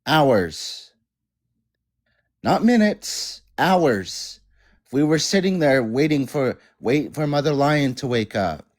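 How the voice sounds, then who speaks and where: A man speaking as a guest on a livestream, indignant but measured. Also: mid-range voice, lively intonation. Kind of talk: heated livestream discussion.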